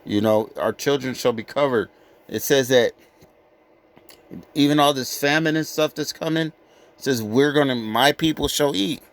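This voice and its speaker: A man giving an informal sermon, reading scripture slowly and with weight, then breaking into blunt, profane street talk. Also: mid-range voice. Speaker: scripture teacher.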